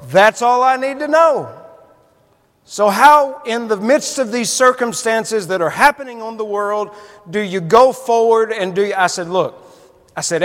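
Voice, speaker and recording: A male preacher, his voice pitched high for a man. He delivers a folksy, storytelling sermon that builds to fervent emphasis, and the words ring out with a long reverb from a large church hall. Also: a bit bright.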